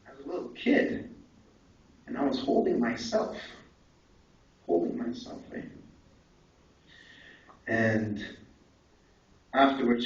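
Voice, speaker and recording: A man's voice: mid-range voice, sing-song, takes it slowly, long pauses, lo-fi sound. Young man, candid storytelling testimony, lots of "eh", distant in a very echoey hall. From Canada. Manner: candid storytelling with frequent "eh" and "right". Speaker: conference speaker. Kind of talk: personal testimony talk. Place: large echoey conference hall.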